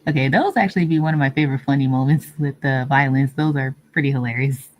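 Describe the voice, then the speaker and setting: A woman hosting a casual livestream, answering viewer comments in a meandering, easygoing way with frequent pauses. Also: rumbling low, a little hiss or hum, low-quality recording. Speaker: livestream host. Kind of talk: casual live-stream chat, reading viewer comments.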